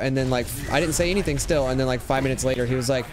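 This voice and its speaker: A man's voice: steady tone, racing, hardly any pauses, a little mellow, faint music behind. Chatty young man streaming a game. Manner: chatty storyteller, mimics chat users in high voices. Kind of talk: casual gaming livestream chat.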